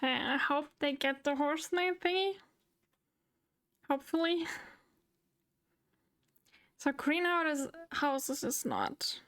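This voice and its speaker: A woman streaming live, chatting, thinking aloud and getting excited. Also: high voice, slow pace, long pauses. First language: German. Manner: excitable, talks to herself while thinking. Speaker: VTuber streamer. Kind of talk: live game stream chat.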